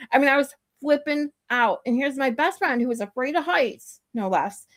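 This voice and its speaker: A woman's voice: sits high, animated, moderate pace, few pauses. A woman livestream host, telling a story in casual chat, swearing freely and laughing often.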